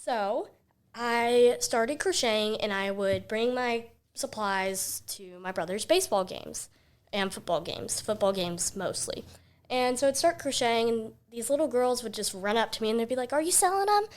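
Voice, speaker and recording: A woman's voice: fairly high pitch, moderate pace, smooth. A teenage girl, a guest on a talk show, chatting casually and acting out the voices of the people in her story. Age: teens. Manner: chatty, acts out quoted voices, many "like"s.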